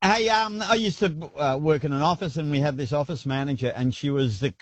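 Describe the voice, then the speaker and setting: A man calling a radio show, telling a story with many halting fillers. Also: on the high side, dry recording. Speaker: caller.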